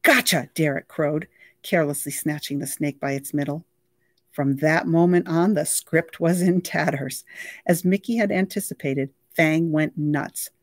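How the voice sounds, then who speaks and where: Lively, expressive storybook reader. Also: medium pitch, unhurried, no echo, clean studio sound. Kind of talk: reading a novel aloud.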